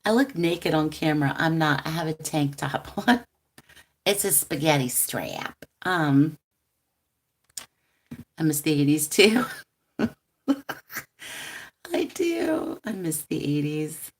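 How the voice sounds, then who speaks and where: A woman's voice: low voice, expressive, takes it slowly, pauses often. A woman, a tarot reader chatting casually on a live stream, rambling with ums and frequent laughs. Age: 40s. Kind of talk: casual rambling livestream chat.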